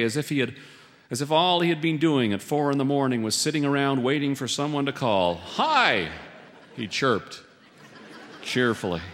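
Wry male storyteller in an echoing hall. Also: a little high. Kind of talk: humorous storytelling.

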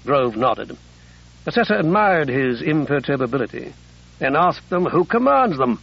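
Male audiobook narrator, gravelly and husky, dull lo-fi audio. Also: on the high side, sing-song, a bit bright. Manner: measured storytelling. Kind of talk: scripted narration.

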